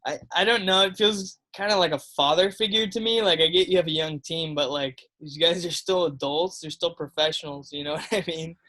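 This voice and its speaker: A man's voice: fairly high pitch, brisk, few pauses, sharp tone. A man co-hosting a casual sports podcast, talking in an easygoing way with frequent laughs and fillers. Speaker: podcast co-host.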